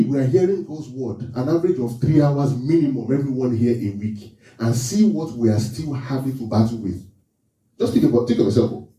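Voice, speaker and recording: Animated preacher, dark voice, echoey room. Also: male voice, mid-range voice, distant mic. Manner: animated, questioning the congregation. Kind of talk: sermon.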